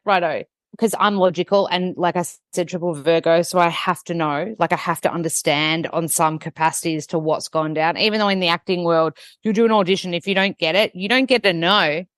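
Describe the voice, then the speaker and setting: A chatty Australian woman with a lowish voice, talking as a podcast guest. Her speech is loose and conversational, scattered with "like". The sound is dry and close. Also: no room sound. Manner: chatty, peppered with "like". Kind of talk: casual podcast chat.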